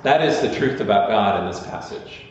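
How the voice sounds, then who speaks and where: A man's voice: fairly low pitch, animated, moderate pace, slight background noise. A male pastor giving a sermon, earnest and conversational, with emphatic repetition. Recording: echoey church hall, slightly dull sound.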